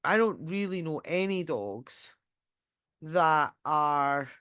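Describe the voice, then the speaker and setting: A low-pitched woman with lively intonation and a fairly bright, clean tone takes her time in a casual live online talk as a dog trainer. The sound is clean studio quality with no echo, from a computer mic during a screen share. Chatty and rambling, she uses lots of fillers and restarts, swears casually, and sometimes plays out what a dog might be thinking.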